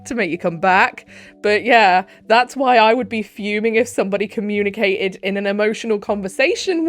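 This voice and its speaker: Chatty woman reading online stories. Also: medium pitch. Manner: chatty and opinionated, with frequent asides; reads texts aloud in a deliberate monotone. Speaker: Reddit story reader. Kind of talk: casual reading with commentary.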